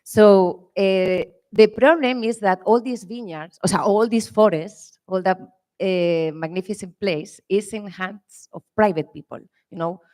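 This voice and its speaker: A woman from Spain with a strong Spanish accent, speaking English as a panelist at a conference, earnest and halting with frequent "eh" fillers. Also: medium pitch, a little mellow. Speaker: winery panelist. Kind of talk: conference talk. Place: conference room.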